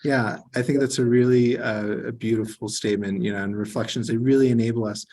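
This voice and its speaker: A man's voice: medium pitch, fairly even intonation, a little fast, a little mellow. A man giving an earnest online training session as a trainer, explaining with frequent fillers.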